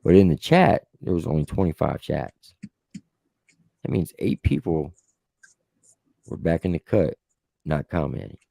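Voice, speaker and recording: Brief: low, gravelly male host, lively pitch swings, profane storytelling rant, dry room. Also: a little slow, long pauses, dry recording. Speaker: show host. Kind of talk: heated casual livestream rant.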